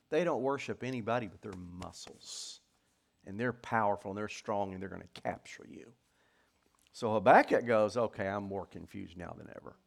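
A man teaching scripture verse by verse, reading each passage slowly and with emphasis, then explaining it in quicker, casual asides. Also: on the low side, vocal fry. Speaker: Bible teacher.

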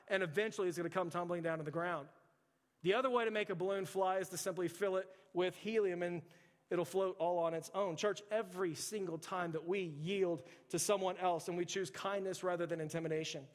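A man, preaching a sermon in a chatty storytelling way, with lots of restarts. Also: high voice. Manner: conversational storytelling with frequent restarts and "like". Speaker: pastor. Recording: reverberant church hall.

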